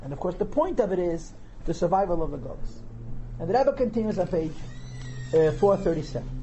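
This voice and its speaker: High-voiced rabbi teaching with rhetorical questions. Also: male voice, animated, a little fast, mellow, slight background noise, low-quality recording. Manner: translates Yiddish text line by line, asks rhetorical questions. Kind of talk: lecture on Torah text, reading and translating.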